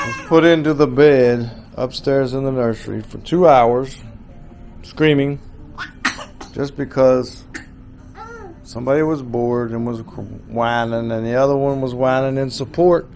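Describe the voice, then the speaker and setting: A man, a stay-at-home father, talking to his babies in a casual home vlog. He coaxes them in baby talk, then turns quiet and reflective with the camera. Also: mid-range voice, vocal fry.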